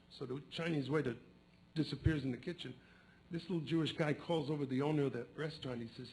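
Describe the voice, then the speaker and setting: A man's voice: fairly high pitch, quick pace, a little mellow, low-quality recording. A man telling jokes, switching into character voices for the punchlines. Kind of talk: joke telling. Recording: faint background noise.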